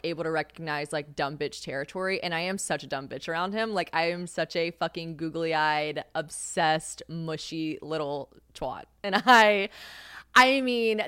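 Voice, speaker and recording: A woman's voice: lowish voice, a bit bright, clear, resonant tone, no room sound. Chatty young woman, close and dry. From United States. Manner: chatty and self-mocking, heavy use of "like", swears freely, laughs often. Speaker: podcast host. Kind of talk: casual solo podcast storytelling.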